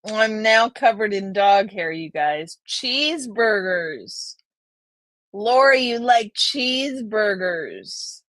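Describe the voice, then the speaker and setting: Slow-talking chatty woman. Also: mid-range voice, a bit bright, no room sound. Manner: chatty, reads viewer names aloud, drawls slowly. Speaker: livestream host. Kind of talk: casual live stream chat reading viewer comments.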